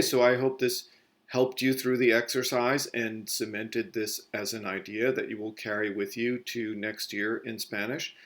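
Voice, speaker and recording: Man, low voice, Spanish teacher, recorded lesson, patient step-by-step explaining. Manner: explains step by step, corrects himself mid-sentence.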